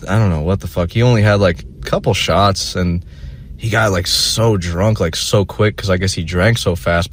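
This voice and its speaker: A young man telling a rambling, profane story in a casual monologue, full of fillers and restarts. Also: lowish voice. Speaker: vlogger.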